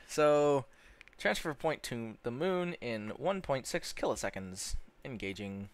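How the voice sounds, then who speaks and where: A man's voice: medium pitch, expressive, slow pace, clear, resonant tone, no echo. A young man casually commenting on his own gameplay, rambling and stumbling over words, easily amazed.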